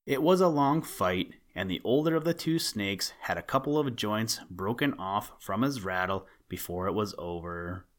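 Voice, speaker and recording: A man reading a children's story aloud in a measured, gentle way as a podcast host. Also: on the low side, expressive. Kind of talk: storybook narration.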